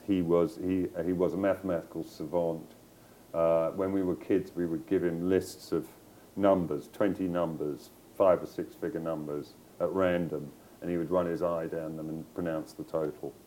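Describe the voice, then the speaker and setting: A man's voice: deep voice, darkish tone, lo-fi sound, a little hiss or hum. A middle-aged male novelist in a book club conversation, telling stories in a discursive way, with digressions and restarts. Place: live event before an audience.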